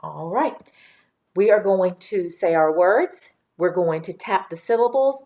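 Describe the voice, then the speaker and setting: A woman teacher giving a patient, clearly spoken phonics and dictation lesson for young children. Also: on the low side, darkish tone.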